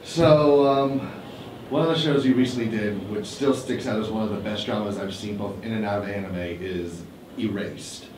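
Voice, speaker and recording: A man interviewing a voice actress, asking an earnest, admiring question with some halting. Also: lowish voice. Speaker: fan interviewer. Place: convention interview room. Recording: echoey room, distant mic, noisy.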